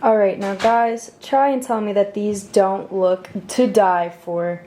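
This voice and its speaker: A tired young woman chatting casually in a vlog, emotional and quick to laugh. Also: mid-range voice, steady tone, mellow, a little hiss or hum. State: tired from no sleep. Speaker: vlogger.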